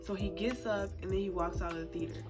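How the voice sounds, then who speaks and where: A young woman vlogger telling a personal story in a chatty, expressive, slangy way. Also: mid-range voice, fast. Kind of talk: casual storytime. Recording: music playing under the voice.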